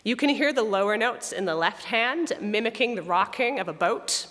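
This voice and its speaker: A woman music director talks to a congregation with a bright, clear tone. Her delivery is chatty and self-deprecating, and her voice sounds slightly worn from losing it. A long reverb fills the church around her. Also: mid-range voice, animated, normal speed. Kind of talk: spoken reflection in a church service. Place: church sanctuary.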